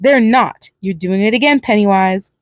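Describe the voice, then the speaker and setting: A woman's voice: mid-range voice, moderate pace, no echo, clean studio sound, natural voice. A woman voicing a frightened young partner in a fan fiction reading, stammering and pleading. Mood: anxious, pleading.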